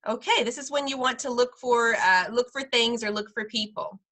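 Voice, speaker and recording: A woman teaching parents simple Spanish phrases in an online class, patient and slowing down over each phrase. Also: on the high side, lively intonation, a bit bright. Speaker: preschool director teaching parents.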